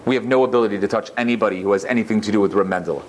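A man's voice: on the low side, racing, slight background noise, pitched below the performer's own voice, lightly acted, rough recording. A man playing a cowed demon governor. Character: demon governor, male, shaken and retreating.

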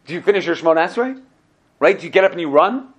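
Rabbi type, man, lively class-giver who acts out scenes, slightly high-pitched. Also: fast talker, lo-fi sound. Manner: animated storyteller, acts out dialogues, asks "right?" often. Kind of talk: Torah class lecture.

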